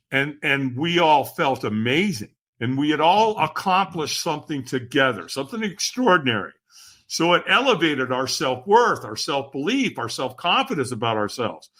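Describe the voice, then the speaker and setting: A man's voice: on the high side, very animated, moderate pace, pushed and bright. A middle-aged man telling a personal story as a podcast guest, enthusiastic and acting out the lines he quotes. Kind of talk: animated storytelling.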